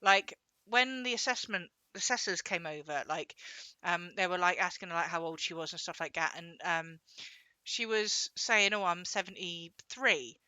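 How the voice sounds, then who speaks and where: A woman's voice: lowish voice, normal speed, pushed and bright, clear, resonant tone, no echo. A young woman chatting casually while gaming, rambling and acting out quoted voices as she tells a story. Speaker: gaming co-host.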